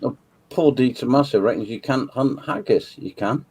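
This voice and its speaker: A man's voice: mid-range voice, lively intonation, moderate pace, mellow, breathy edge, poor audio. A man chatting casually on a game stream, reading out comments and making dry, understated remarks. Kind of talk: casual chat over gameplay.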